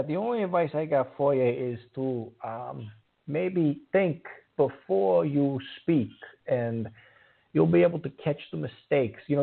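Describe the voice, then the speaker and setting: A man's voice: a little high, creaky. A man hosting a call-in show who stammers and gets riled easily. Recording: tinny phone-like sound.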